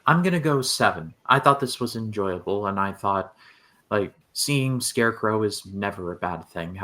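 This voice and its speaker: A man with a fairly low voice chats on a casual podcast. He weighs in with easygoing scores and opinions. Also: lively intonation, moderate pace, sharp tone. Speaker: podcast co-host. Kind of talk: casual chat.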